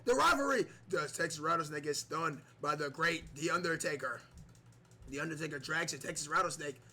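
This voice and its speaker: In a slightly high, brisk voice, a man gives excited play-by-play commentary on a wrestling video game match. He keeps repeating the wrestlers' nicknames and yells at the big moves.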